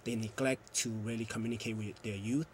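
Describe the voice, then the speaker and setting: A man's voice: on the low side, steady tone, fairly quick, a little mellow, a little hiss or hum. A man, a youth program coordinator, earnestly explaining at length in a TV interview. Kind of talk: TV interview answer.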